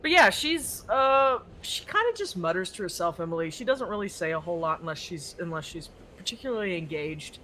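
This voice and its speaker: A man's voice: sits high, big pitch swings, a little fast, few pauses, bright, forceful tone, a little hiss or hum. A man narrating a tabletop horror game as game master, rambling with many restarts. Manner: rambling, full of fillers and restarts.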